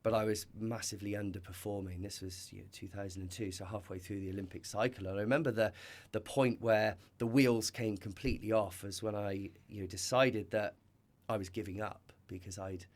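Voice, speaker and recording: Earnest, reflective man with a lowish voice. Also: fairly even intonation, fairly quick. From Britain. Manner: earnest and reflective, with many restarts and "you know". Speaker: podcast guest. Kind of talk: storytelling in a conversational interview.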